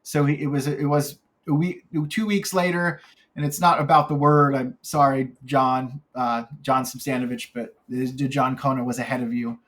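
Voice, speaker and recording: A man hosting a caption contest panel, talking casually and haltingly, with many fillers as he reads entries aloud. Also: mid-range voice, little pitch movement, a bit bright. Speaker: contest host.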